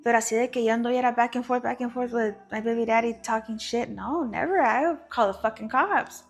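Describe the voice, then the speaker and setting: A woman's voice: on the high side, quick pace, soft background music. A woman talking frankly and profanely as a guest, telling a personal story with Spanish phrases mixed in.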